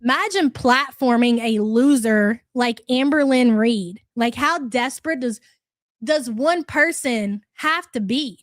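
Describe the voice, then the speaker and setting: High-voiced woman ranting on a livestream. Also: slow pace, no room sound. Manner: aggressive, swearing, sarcastic. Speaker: livestream commentary host. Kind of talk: profane livestream rant.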